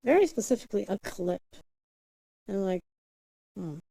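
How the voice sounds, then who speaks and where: A woman's voice: mid-range voice, animated, normal speed, vocal fry, warm tone, poor audio. A woman livestreamer in casual chat, muttering to herself as she sets things up and humming nonsense syllables. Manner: chatty, mutters to herself while setting up; hums and sings nonsense syllables.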